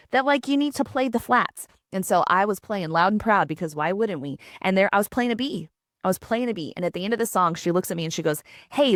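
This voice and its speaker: A woman in her thirties hosting a solo podcast, telling personal stories in a lively, conversational way with laughs and asides. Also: mid-range voice, no room sound, studio quality. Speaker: podcast host.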